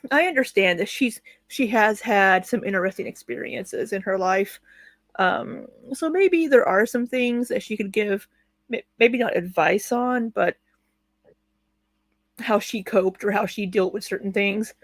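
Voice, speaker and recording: A woman's voice: mid-range voice, measured pace, dry recording. A woman giving blunt, sarcastic commentary while live streaming, swearing freely and laughing between remarks. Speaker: reaction commentator.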